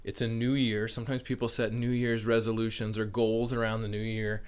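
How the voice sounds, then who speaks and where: A man leading a morning school assembly for young children, upbeat and encouraging, talking fast. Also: fairly low pitch, level tone, clean tone. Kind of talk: morning announcements to young students.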